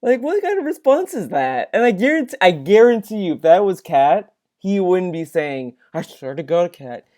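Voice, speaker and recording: Mellow-voiced rambling commentary man. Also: high-pitched, big pitch swings. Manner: rambling, halting, full of restarts and filler. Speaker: commentary video host. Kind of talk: reaction commentary.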